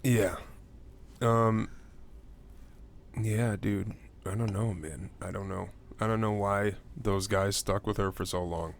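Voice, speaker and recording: Laid-back low-voiced podcast guy. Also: fairly even intonation, slow, gravelly, slight background noise. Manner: loose and rambling, many fillers, breaks into high mocking voices. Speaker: podcast co-host. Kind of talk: casual true-crime podcast chat.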